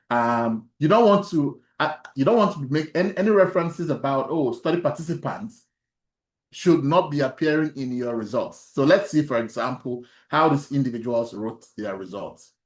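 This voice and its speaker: Guy teaching stats online, mid pitch, keeps asking the class stuff and restarting sentences, roomy echo. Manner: asks the class questions, laughs softly, many restarts. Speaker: instructor. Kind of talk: online statistics workshop lecture.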